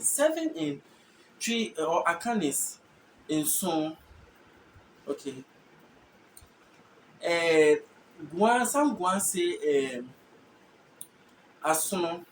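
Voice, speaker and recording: A host from Ghana walks through a language lesson at a middling pitch. Words are said slowly and repeated while the speaker thinks aloud. The voice sits in an echoey room with faint background noise. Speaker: channel host teaching languages. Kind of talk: explanatory lesson on word comparisons.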